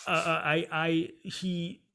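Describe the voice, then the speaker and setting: A man, an opera singer and music writer, talking candidly as an interview guest, animated and quick to laugh. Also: on the high side, smooth. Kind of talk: casual interview conversation.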